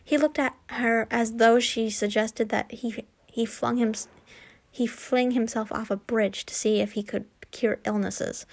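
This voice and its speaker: Woman reading fanfic out loud, real slow, lots of vocal fry, trips over words. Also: on the high side, little pitch movement. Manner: halting, frequent slips and restarts. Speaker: fanfiction reader. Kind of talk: reading fan fiction aloud.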